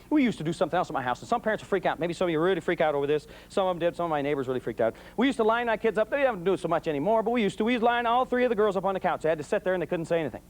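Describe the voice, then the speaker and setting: A quick-talking middle-aged man with a raised, high-set voice lectures parents the way a preacher works a crowd. He hammers phrases again and again, tells homespun stories, and breaks into yells when he acts out his anecdotes. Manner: emphatic, repetitive preacher-like cadence; folksy storytelling, bursts of yelling when acting out anecdotes. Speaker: police sergeant speaking to parents. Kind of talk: motivational talk to parents.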